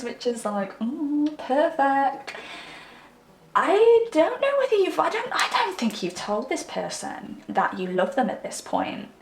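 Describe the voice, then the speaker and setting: A woman's voice: medium pitch, darkish tone. A woman giving a tarot card reading, talking in a chatty, intimate way and checking in with her listener. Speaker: tarot reader. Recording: echoey room.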